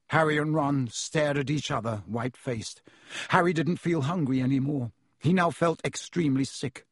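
A man reading a storybook aloud in a measured, expressive way. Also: a little high, slightly rough, dry recording, clean studio sound. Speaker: audiobook narrator.

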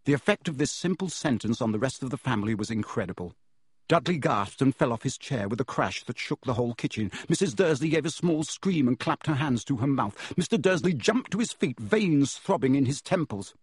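Husky-voiced male audiobook narrator. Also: medium pitch, expressive, a little fast, no echo, clean studio sound.

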